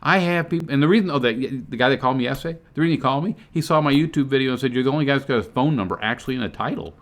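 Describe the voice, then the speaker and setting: A middle-aged man giving an earnest, excitable motivational talk to camera about his online business, his voice jumping up when he gets fired up. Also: medium pitch, very fast.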